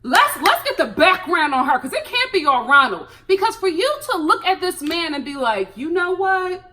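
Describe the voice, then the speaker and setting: Sassy, lively young woman commentator. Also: very high voice, normal speed. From United States. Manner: sassy, animated, laughs often. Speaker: show reviewer. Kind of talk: casual reality TV commentary.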